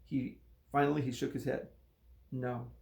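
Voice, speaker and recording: A man's voice: medium pitch, normal speed, gravelly, reverberant, a little hiss or hum. A man, a coach, reading a children's novel aloud with voiced dialogue. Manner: steady storytelling with voiced dialogue.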